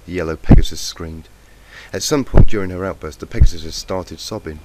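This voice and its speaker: A man's voice: sits low, a little fast, darkish tone. A man with a cold reading a fanfic aloud in a plain, lightly emotive way on a faulty home mic. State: has a cold, croaky. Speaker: fanfiction reader. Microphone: cheap faulty home mic. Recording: noisy lo-fi mic.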